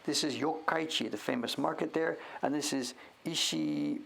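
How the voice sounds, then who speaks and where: A man hosting a casual show-and-tell, thinking aloud as he sounds out names, sometimes dropping to a whisper and breaking into excited praise. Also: a little high, moderate pace, vocal fry, breathy edge. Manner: drops to whispers now and then. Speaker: host.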